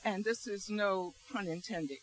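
An audience member asking the guest a question, speaking in a hesitant, halting way. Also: mid-range voice, slight background noise, rough recording.

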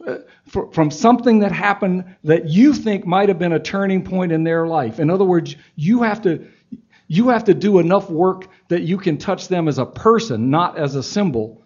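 Man, author, audience Q&A, earnest, halting, restarts often, slightly high voice, dull lo-fi sound. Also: expressive, a little mellow, husky. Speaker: author answering audience questions. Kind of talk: Q&A talk, reflective storytelling. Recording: dull lo-fi event recording.

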